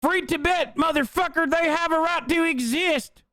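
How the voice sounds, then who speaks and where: A man putting on a shrill sneering bigot. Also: moderate pace, sharp tone, dry recording, clean studio sound. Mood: mocking. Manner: high-pitched sneering parody. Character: mocking bigot, adult man, hypocritical and aggressive.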